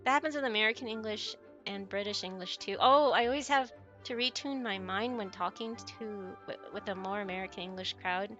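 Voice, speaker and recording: A woman's voice: medium pitch, a little fast, a bit bright, dull audio, faint music behind. A woman streamer chatting casually with her viewers while she plays a game, giggling often and answering messages from chat.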